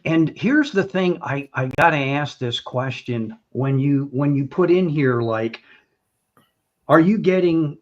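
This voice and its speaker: A man's voice: mid-range voice, highs cut off. An older man hosting a casual talk show, talking in a chatty, rambling way with restarts and little jokes. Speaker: show host.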